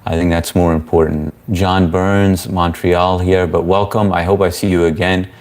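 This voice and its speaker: Young male livestream host, low voice, loose and chatty, reads chat aloud. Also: normal speed. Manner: relaxed, chatty, reads viewer comments aloud. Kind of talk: casual live-stream Q&A.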